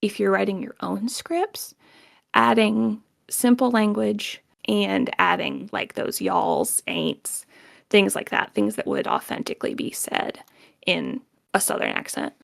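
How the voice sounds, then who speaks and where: A woman's voice: medium pitch, a little slow, vocal fry, no echo, studio quality. A woman voice actor chatting casually as a guest, explaining with examples and laughing easily. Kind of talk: casual chat.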